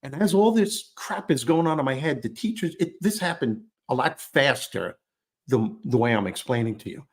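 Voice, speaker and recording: A man tells a personal story in an easy, conversational way. He is animated and self-deprecating, and he acts out the lines he quotes. His voice sits at a middle pitch. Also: normal speed. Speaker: guest storyteller.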